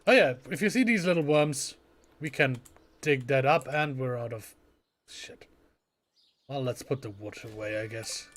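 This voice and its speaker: A man's voice: mid-range voice, measured pace, pauses often, a bit bright. A man giving casual, chatty let's play commentary with a self-deprecating streak, reading game lines aloud. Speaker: gaming channel host.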